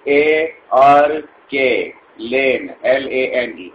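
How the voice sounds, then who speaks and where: A man's voice: medium pitch, expressive, takes it slowly, dull audio. A man voicing an impatient, rude male customer in a comedy sketch, exasperated and blunt, spelling letters out insistently.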